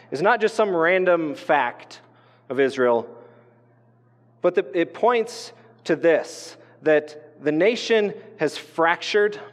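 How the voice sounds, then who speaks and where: This man, a pastor from northern Colorado, preaches in a casual, talkative way, with asides and restarts. His voice sits high, and the church sanctuary gives it a big-room sound.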